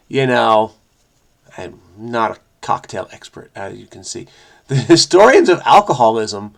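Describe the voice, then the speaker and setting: Gravelly, excitable crossword host. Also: male voice, fairly high pitch. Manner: frenetic, rambling, self-interrupting. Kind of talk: casual solo commentary.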